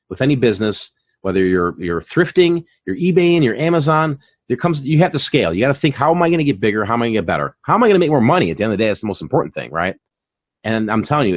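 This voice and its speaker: The audio is dull and echo-free, carrying a man's lowish voice. He's the host of an online reselling channel, casually chatting on a live stream about reselling with plenty of fillers and repeated words.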